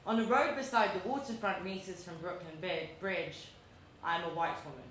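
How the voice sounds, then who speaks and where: A woman in her thirties from London with a London accent, reading her own essay aloud to an audience in a measured, deliberate, wry way. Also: on the low side, fairly bright tone. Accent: London English. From London, England. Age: 30s. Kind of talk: live reading of a personal essay. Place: large echoey museum event space. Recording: very echoey room, faint background noise.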